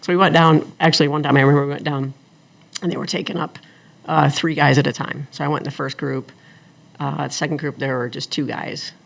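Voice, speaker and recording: Lively storytelling woman, gravelly voice. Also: low voice, a little fast. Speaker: guest, attorney and former engineer. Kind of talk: casual storytelling in an interview.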